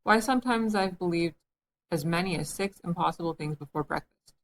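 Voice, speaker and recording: A woman's voice: on the low side, fairly quick, slight background noise, natural voice. A woman reading the part of a scatterbrained, anxious old queen in a storybook, fussy and pleading in manner.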